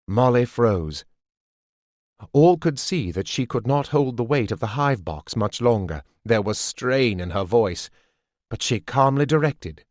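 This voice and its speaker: A man reading a fantasy audiobook as scripted narration, in a measured, deliberate way. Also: medium pitch, expressive, no echo, clean studio sound.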